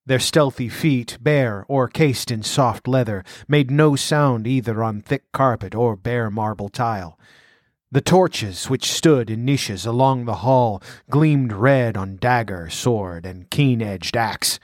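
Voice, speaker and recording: A man reads an adventure tale aloud in a measured, dramatic way. His voice sits at a middle pitch and sounds dry and close, as if recorded right at the mic. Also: no echo. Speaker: narrator. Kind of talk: audiobook narration.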